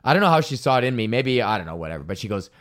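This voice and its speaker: Profane, animated male comedian telling stories. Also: mid-range voice, very fast. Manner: swears a lot, loose and animated, fillers and restarts. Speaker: comedian podcast host. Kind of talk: profane comedic storytelling rant.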